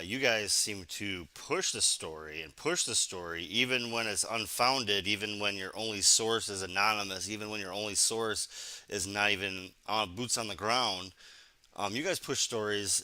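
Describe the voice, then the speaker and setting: A man's voice: on the low side, moderate pace, pushed and bright, dry recording. A man speaking critically about news media in a rambling way.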